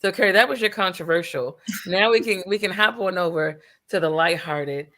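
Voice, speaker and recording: A woman's voice: lowish voice, a little fast, fairly bright tone. A woman co-hosting a casual podcast chat, playful and teasing as she puts questions to her co-hosts. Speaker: podcast co-host.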